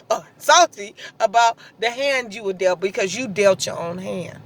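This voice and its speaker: Sitting in her car, a vlogger in her thirties vents through a storytime monologue, blunt and sassy, laughing as she goes. Her voice is medium-pitched, at a moderate pace with few pauses.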